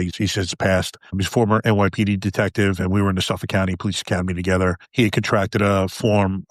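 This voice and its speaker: Blunt, low-voiced man telling his story. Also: no echo. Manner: blunt, profane, emotional. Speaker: podcast guest, retired police officer. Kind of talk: candid conversational storytelling.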